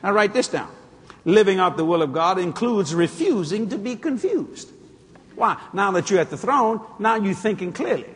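A male preacher giving a sermon, telling stories with acted-out dialogue and breaking into shouts. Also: sits high, moderate pace, husky, big-room sound. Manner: animated storytelling, acting out dialogue, jumping to shouts.

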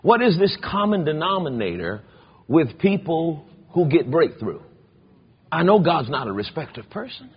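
Husky-voiced preacher man, animated sermon. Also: normal speed. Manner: animated storytelling with big swings in pitch. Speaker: pastor. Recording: dull lo-fi sound.

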